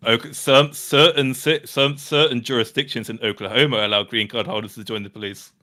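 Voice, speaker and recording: A British man chats casually on a stream and tells the story with a bright, forward tone. He swears freely, laughs often, and keeps an animated, rambling storyteller's flow. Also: mid-range voice, normal speed. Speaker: streamer host. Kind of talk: casual chat.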